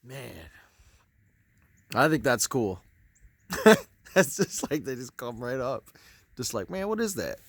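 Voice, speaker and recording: A man vlogging outdoors beside cattle, out of breath, excited, laughing and calling out praise now and then, on a handheld phone. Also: medium pitch, takes it slowly, long pauses, breathy edge. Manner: excited, religious exclamations, laughs often. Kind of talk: casual outdoor video chat.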